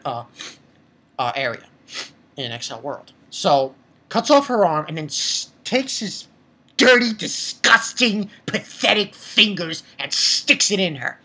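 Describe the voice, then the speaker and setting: A man giving an animated, profane episode review, mocking the show and swinging between near-shouts and low muttering. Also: takes it slowly, husky. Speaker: anime reviewer.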